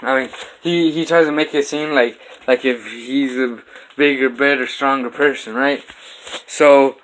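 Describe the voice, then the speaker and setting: Young male vlogger, bright voice, animated storyteller, punches out his own sound effects. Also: mid-range voice, measured pace, a little hiss or hum. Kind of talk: casual storytelling vlog. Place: home kitchen.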